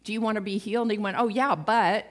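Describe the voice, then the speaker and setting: A woman's voice: mid-range voice, fast. A woman giving a conversational sermon, retelling stories with acted-out quotes and a light, self-mocking humor. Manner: lively storytelling, acts out quoted voices, laughs at herself. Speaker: preacher.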